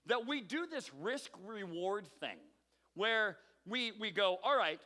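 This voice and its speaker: A man's voice: high voice, animated, slow pace, sharp tone. A man leading a youth group game, calling on teens by name with playful teasing. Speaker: youth pastor. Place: large hall with audience. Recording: long reverb from a large hall.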